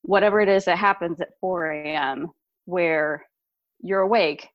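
Low-voiced woman telling her story, dry lo-fi sound. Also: moderate pace, no room sound. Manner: storytelling, animated, laughs often. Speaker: guest. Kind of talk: podcast interview.

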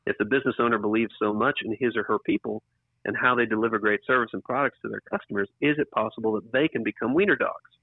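This author speaks fast in a low, steady, slightly rough voice while guesting in a casual interview about his book. He wanders as he talks, restarting and repeating himself for emphasis. A computer microphone captures him on a tinny, phone-like, dry line without room sound.

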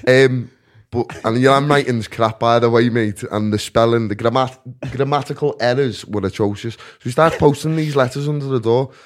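A man's voice: medium pitch, moderate pace, hardly any pauses. A man telling stories as a guest in a casual chat, laughing often and often asking "do you know what I mean".

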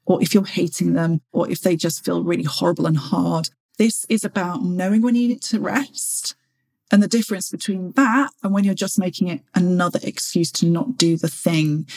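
Woman, forties, slightly raspy, encouraging podcast chat. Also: on the low side, a little mellow. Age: 40s. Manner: chatty and encouraging, acts out her own inner voice. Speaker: fitness podcast host. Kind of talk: motivational solo podcast talk.

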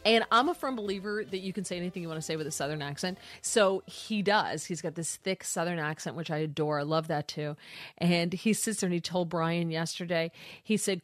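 A woman's voice: lowish voice, brisk, dry recording, studio quality. A woman hosting a talk radio show, chatting in a loose, giggly way with lots of fillers. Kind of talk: casual talk radio chat.

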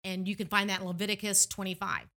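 A woman's voice: mid-range voice, steady tone, fast talker. A woman from Tennessee hosting a faith podcast, telling stories in an earnest, reminiscing way. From Tennessee, USA. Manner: warm, earnest, reminiscing storyteller. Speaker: podcast host.

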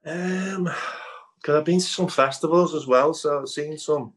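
A man's voice: on the high side, a little slow, poor audio. A man from Liverpool with a Scouse accent, chatting as an interview guest, rambling with lots of fillers and restarts and laughing easily. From Liverpool, England. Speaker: improv comedy guest. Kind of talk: casual interview chat over video call.

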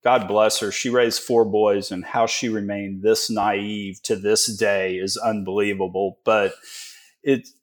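His voice is on the low side, with little pitch movement and a measured pace. He's a Texan energy investor in his forties, a guest in a casual interview who tells folksy, joking stories with many fillers.

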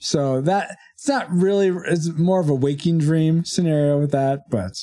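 A man's voice: a little high, moderate pace, mellow, no echo. A man co-hosting a retro game podcast in casual chat, exclaiming often. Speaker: podcast co-host.

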